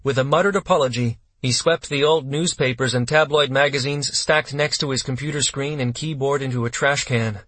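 A man reading an audiobook in steady, measured scripted narration, close to the mic. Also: medium pitch, no room sound.

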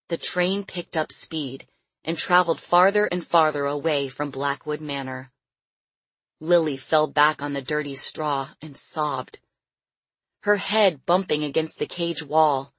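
A woman narrating an audiobook in a steady, measured storytelling manner. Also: deep voice, no echo, rough recording.

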